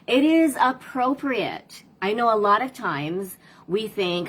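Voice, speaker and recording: A woman's voice: mid-range voice, sing-song, a little slow, fairly bright tone, husky, rough recording. A woman parent coach talking casually to viewers on a live stream, asking rhetorical questions and replying to comments.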